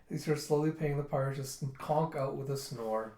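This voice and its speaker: A man's voice: on the high side, moderate pace, a little mellow. A man casually retelling a comic during a readthrough, with offhand asides. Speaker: manga reviewer. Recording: roomy echo.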